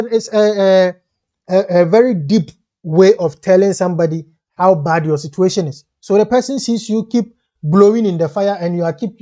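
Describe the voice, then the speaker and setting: A man's voice: high-pitched, warm tone. Man teaching a classical text. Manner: reads each Arabic line quickly, then explains it slowly in English with restarts. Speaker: Arabic teacher. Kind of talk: line-by-line reading and translation lesson.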